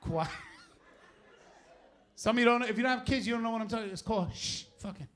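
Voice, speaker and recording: A middle-aged man with a New York accent doing a profane stand-up set on a live stage, often shouting his punchlines and laughing through the bits. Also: extremely high pitch, fairly even intonation, very fast, some chatter behind. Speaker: stand-up comedian. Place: live comedy stage before an audience.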